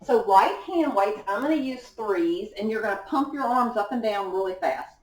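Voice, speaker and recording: This is a young fitness instructor running a home workout, and her medium-pitched voice is animated at a moderate pace. She gives encouraging directions while working out herself in an indoor room. The sound is distant and echoey, coming from a camera mic.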